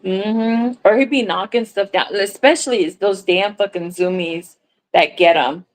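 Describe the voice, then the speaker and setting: A woman chatting on a crochet livestream, telling a story in a lively way, acting out what people said and swearing now and then. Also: mid-range voice, normal speed, rough recording. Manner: animated storyteller, acts out dialogue, swears casually. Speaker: crochet content creator on a livestream. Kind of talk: casual livestream chat, storytelling.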